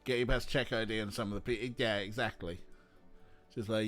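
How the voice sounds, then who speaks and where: A man's voice: fairly low pitch, steady tone, brisk, a bit bright, faint music behind. A man streaming an adventure game, making joking asides and laughing at the dialogue. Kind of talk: casual let's play commentary.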